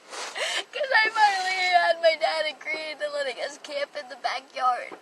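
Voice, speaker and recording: A woman's voice: high voice, measured pace, fairly bright tone. A young woman telling a personal story on a phone livestream, rambling and emotional, with a lot of "like". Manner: rambling and emotional, heavy use of "like". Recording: distant from the mic, faint background noise.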